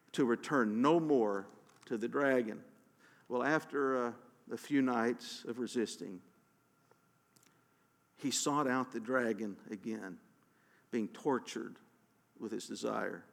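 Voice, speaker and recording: A male storyteller reads aloud at an ordinary pitch, giving the tale steady, dramatic weight and stumbling into a few restarts. His voice carries a long reverb, as if heard across a large hall.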